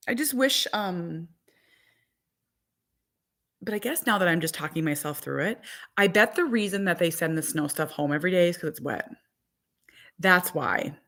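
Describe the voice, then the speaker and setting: Chatting casually to her live viewers, a mother of four in her forties who vlogs rambles along with plenty of "like". Her lowish voice is expressive and sharp in tone, at normal speed with frequent pauses.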